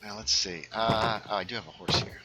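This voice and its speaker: A man's voice: lowish voice, steady tone, a little fast, heavy background noise. A man chatting casually and joking as he streams a video game. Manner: chatty, playful, jokey. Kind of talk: casual gameplay chat.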